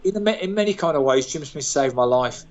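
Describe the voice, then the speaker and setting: A man in his sixties from Birmingham, telling animated, self-mocking stories as an interview guest. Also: medium pitch, fairly quick, dull audio. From England, Birmingham. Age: 60s. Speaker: guest, former footballer. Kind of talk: storytelling interview.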